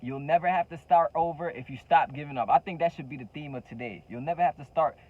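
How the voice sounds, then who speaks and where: This entrepreneur coach hosts his own channel and addresses the camera in a slightly high voice at a fast clip, over phone-quality audio. His motivational talk leans on casual slang and fervently repeats key phrases.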